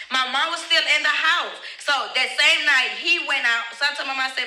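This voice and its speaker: A woman's voice: high voice, fairly quick, hardly any pauses, pushed and bright, reverberant, rough recording. A young woman and mother bluntly telling her own story to viewers, emotional and swearing, talking straight to the audience. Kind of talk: candid personal storytelling to viewers.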